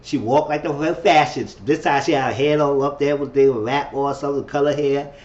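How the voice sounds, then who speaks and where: A man casually recapping a reality TV episode in a slangy, animated way. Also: mid-range voice, fairly quick, roomy sound, highs cut off. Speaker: TV show reviewer.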